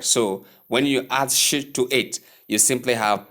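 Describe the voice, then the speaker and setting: A man teaching English pronunciation, repeating each word slowly and drilling it several times. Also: mid-range voice, bright, forceful tone. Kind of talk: pronunciation lesson.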